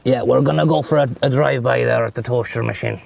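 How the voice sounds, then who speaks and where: Gravelly-voiced Irish man streaming from a car. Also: mid-range voice, fast talker, a little mellow. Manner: rambling, profane banter. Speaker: livestreamer. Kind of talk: casual chat while driving.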